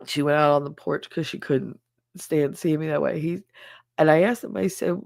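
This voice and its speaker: A woman's voice: low-pitched, normal speed, creaky, a little mellow, no room sound. A middle-aged woman hosting a podcast, telling a personal story in a rambling way, full of "like" and "he said". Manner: rambling, heavy use of "like" and "he said". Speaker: podcast host. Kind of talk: casual storytelling.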